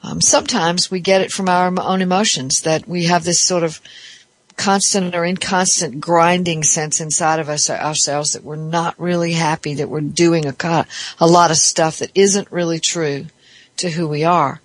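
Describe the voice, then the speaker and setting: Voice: mid-range voice, fairly even intonation, moderate pace. A therapist giving a reflective podcast talk, explaining ideas step by step in a thoughtful way.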